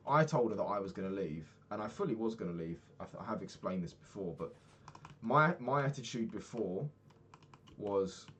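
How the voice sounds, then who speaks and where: Candid man, low voice. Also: expressive, normal speed, a bit bright, a little hiss or hum. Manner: candid, swears freely, acts out quoted people. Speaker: podcast host. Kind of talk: casual storytelling monologue.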